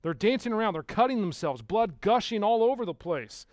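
Emphatic preaching man, higher voice. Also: animated, brisk, no echo, clean studio sound. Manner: emphatic preaching, swings from hushed to loud; rhetorical questions to the congregation. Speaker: pastor. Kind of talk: sermon.

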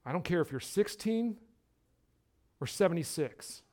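Male pastor, high voice, emphatic sermon delivery that swings from quiet to loud. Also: animated, a little slow. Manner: emphatic preaching, repeats words for emphasis, swings between hushed and loud.

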